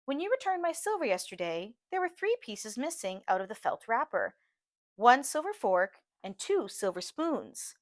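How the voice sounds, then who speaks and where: A woman's voice: on the high side, very animated, moderate pace, dry recording, clean studio sound. A woman reading an audiobook, voicing a prim, cold upper-class woman who speaks in a clipped, accusing way. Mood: icy.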